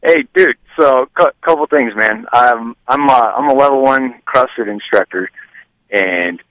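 A laid-back male fitness instructor calls in to give advice. His voice is mid-pitched and bright, and he talks in a loose, casual way, full of dude and man. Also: unhurried, no echo, poor audio. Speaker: caller, CrossFit instructor.

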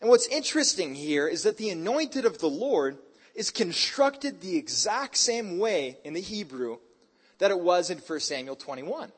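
A male preacher delivering a sermon in a hyper, animated storytelling style, mixing scripture with casual slang. His voice sits a little high and sounds slightly husky. His pitch jumps all over the place. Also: moderate pace.

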